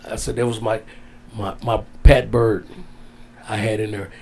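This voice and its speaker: A man's voice: lowish voice, level tone, measured pace, gravelly, a little mellow, husky. An older man, an interview guest, telling an emotional story in a rambling way and often repeating his phrases. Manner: rambling, repeats phrases, Southern-style casual grammar.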